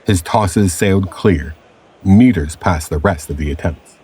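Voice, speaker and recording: A man with a very low, husky voice narrates a scripted time-travel story. He reads in a steady, measured way, like a storybook read aloud.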